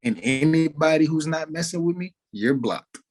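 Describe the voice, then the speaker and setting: A man, a musician giving an interview, talking in a relaxed way with many fillers like "like" and "you know". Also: fairly high pitch, normal speed, faint music behind, low-quality recording. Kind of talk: casual interview talk.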